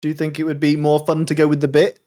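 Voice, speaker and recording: A man's voice: a little high, monotone, fast, warm tone. A man running a tabletop game as game master, laughing often and cheering the players on. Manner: laughs often, upbeat and encouraging. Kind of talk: casual tabletop game chat.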